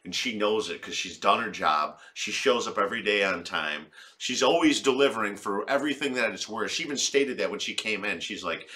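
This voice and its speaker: A man doing comic reaction commentary in a rambling, profane style. His voice sits low, and it has a bright, forceful edge to it. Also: animated, a little fast, hardly any pauses. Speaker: video commentator.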